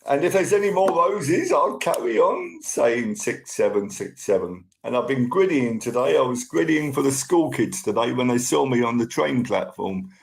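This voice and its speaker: A man's voice: medium pitch, very animated, moderate pace, vocal fry, few pauses, low-quality recording. A man hosting a casual live stream, chatting to viewers and thanking them by name as they join.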